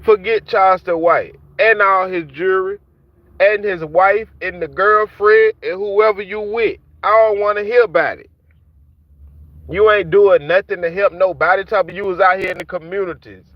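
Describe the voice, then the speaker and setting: Man vlogger, angry taunting rant, high voice, dull dry lo-fi sound from a car. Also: moderate pace, no echo. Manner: heated, repetitive, taunting. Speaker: vlogger ranting at rappers. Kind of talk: angry street-talk rant to camera.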